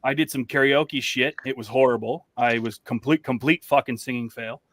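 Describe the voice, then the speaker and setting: A man's voice: medium pitch, normal speed. A man from British Columbia, calling in to a casual chat, swearing constantly and telling loose stories. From British Columbia, Canada. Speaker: guest calling in.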